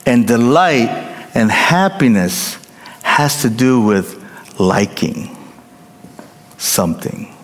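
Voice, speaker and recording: A man preaching a sermon as pastor, emphatic, rising to loud peaks and dropping to hushed endings, often checking in with the congregation. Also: medium pitch, sing-song, takes it slowly, long pauses. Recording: long hall reverb.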